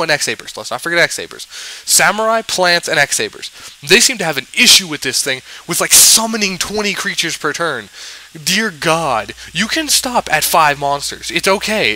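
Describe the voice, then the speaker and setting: A man's voice: on the high side, pushed and bright, rough recording. A man in a casual, exasperated rant about a card game, sarcastic and rambling, full of fillers and restarts. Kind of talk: ranting commentary.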